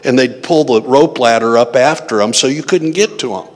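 A man's voice: medium pitch, normal speed. A man preaching a sermon, reading hymns and scripture and asking the congregation questions. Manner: teaching, asks the congregation questions. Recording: long hall reverb.

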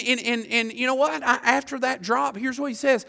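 Male preacher, high gravelly voice, fervent sermon delivery with stammered repeats and sudden loud peaks. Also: fairly even intonation, normal speed, hardly any pauses. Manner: impassioned, repeats words, swings from quiet to loud.

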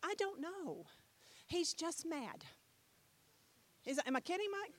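A middle-aged woman preaching a sermon, telling a story with animated swings between loud and soft and putting questions to her listeners. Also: very high-pitched, slow. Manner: talks with the audience, asks them questions.

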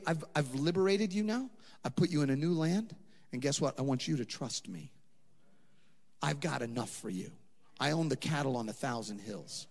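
Impassioned preacher in a reverberant hall. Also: male voice, fairly high pitch. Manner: impassioned, rising to emphatic peaks; conversational preaching with asides. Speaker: pastor. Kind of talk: sermon.

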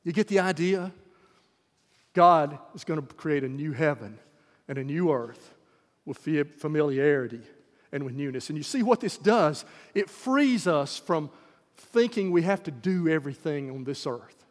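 A man's voice: a little high, expressive, moderate pace, in a large hall. A man preaching a sermon in an emphatic style that rises to fervor.

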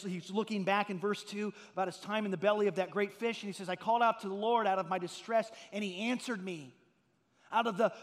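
A middle-aged man preaching a sermon as a pastor, telling stories earnestly and rising to loud, emphatic peaks. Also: high-pitched, long reverb tail.

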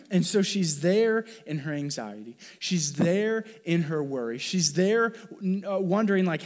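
A man's voice: fairly high pitch, animated, a little slow, darkish tone. A man preaching a sermon as pastor, talking in an earnest, conversational way with fillers and restarts.

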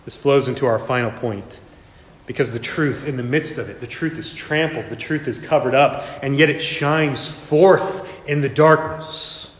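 A man preaching a sermon as a pastor, earnest, slowing down and repeating phrases for emphasis. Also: mid-range voice. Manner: earnest, with dramatic slow emphasis and repetition. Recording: echoey hall reverb.

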